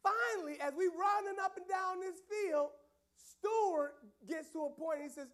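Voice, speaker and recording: High-pitched guy preaching to youth, loose storytelling, gets loud. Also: moderate pace. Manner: animated, casual storytelling with loud outbursts. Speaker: youth pastor. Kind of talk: storytelling sermon to young people.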